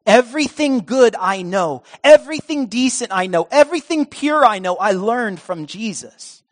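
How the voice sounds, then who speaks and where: A preacher voicing a reflective elderly man, speaking softly and slowly with emotion. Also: high voice, animated, pitched above the performer's own voice. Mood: tender.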